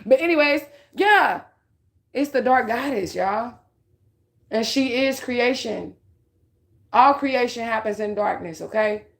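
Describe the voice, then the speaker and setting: Her voice is fairly high with vocal fry as she gives a relaxed spiritual reading as a psychic. She's blunt and heavily profane, repeatedly checking in with listeners with "okay?"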